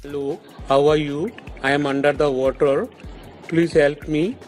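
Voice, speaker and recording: A man putting on a frozen soldier stuck beneath the ice, begging for rescue in clumsy, broken English. The voice sits a little high. It sounds thin and distant from the mic. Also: steady tone, darkish tone, faint music behind, close to an everyday voice. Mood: pleading. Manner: broken halting English, plaintive. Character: frozen male soldier trapped under ice, pleading.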